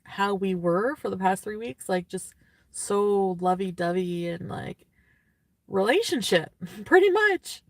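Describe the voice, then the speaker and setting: A woman's voice: mid-range voice, animated, slow pace, no echo. Young woman vlogger, tearful, rambling vent full of "like"s and sighs. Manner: rambling, filler-heavy, sighing and venting. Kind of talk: rambling casual vlog talk.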